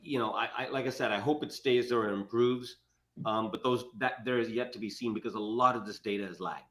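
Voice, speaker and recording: A man's voice: mid-range voice, a little fast, fairly bright tone. A man speaking as a podcast guest from his office over a video call, in casual chat, often hesitating and repeating words. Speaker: real estate guest.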